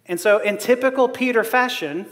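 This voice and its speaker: A man with a very high voice delivers a sermon, joking at his own expense and often breaking into laughter. His voice rings with a long reverb, as if he is in a large hall. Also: normal speed, fairly bright tone. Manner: humorous, self-deprecating, laughs often. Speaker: preacher.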